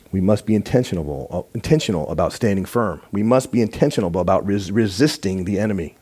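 Man, sermon, earnest and emphatic, warm mellow voice. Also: fairly low pitch, expressive, a little fast, few pauses, husky. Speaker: church teacher.

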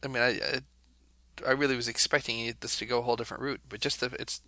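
Male podcast host, bright tone, teasing questioner, dry close-mic sound. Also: mid-range voice, flat delivery, fast, no echo. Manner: prompting questions, teasing and laughing along. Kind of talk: casual chat.

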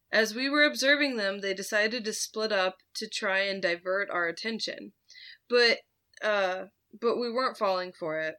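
A woman's voice: mid-range voice, sharp tone. A woman host casually telling a story from her retail job, laid-back, swearing freely and laughing at her own tale.

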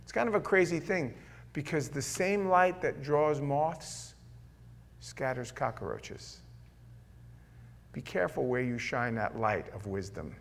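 A middle-aged man preaching a conversational sermon, emphatic at times and dropping to quiet asides. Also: mid-range voice, lively intonation, slow, creaky, a little hiss or hum. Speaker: pastor.

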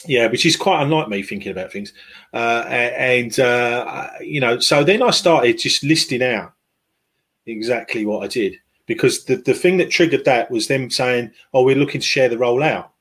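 A man's voice: medium pitch, moderate pace, a bit bright, husky. Hesitant man chatting on a podcast. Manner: hesitant, many fillers and restarts. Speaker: podcast guest, football club fan liaison. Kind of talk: casual conversational interview.

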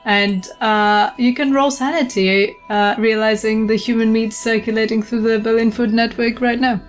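A woman acts as game master for a tabletop horror game, her delivery dry and teasing with frequent laughter. Faint music sits quietly behind her voice. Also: a little high, fairly even intonation, normal speed.

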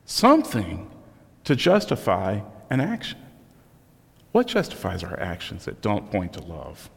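A man's voice: deep voice, huge pitch swings, a little slow, vocal fry, breathy edge. Man preaching in a reverberant hall. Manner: conversational, self-deprecating storytelling. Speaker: pastor. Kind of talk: sermon.

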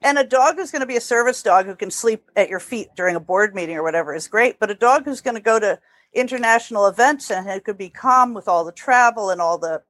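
A woman from New Jersey answers interview questions about training dogs. She explains things calmly, often restarting her sentences. She speaks at a middle pitch into headphones on a remote call, and the sound is close and dry. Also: fast, dry recording. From New Jersey, USA. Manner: calm, explanatory, with frequent restarts. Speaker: dog trainer guest. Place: temporary room away from home.

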